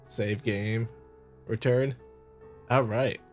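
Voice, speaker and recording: A man's voice: medium pitch, steady tone, extremely slow, darkish tone, faint music behind. A man co-hosting a game playthrough, chatting loosely and casually with a co-host. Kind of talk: casual let's-play chat.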